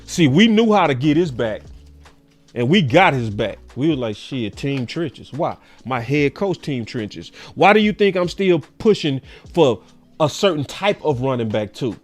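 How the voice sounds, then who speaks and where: Male sports-talk host, somewhat high voice, swings between low and loud. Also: sing-song, moderate pace, faint music behind. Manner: emphatic, repeats his points, swears. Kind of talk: casual commentary.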